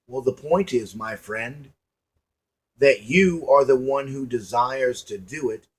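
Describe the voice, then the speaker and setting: A man's voice: mid-range voice, takes it slowly, breathy edge. A man giving a preachy motivational monologue to his viewers, folksy and emphatic, repeating lines and asking rhetorical questions. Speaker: online commentator.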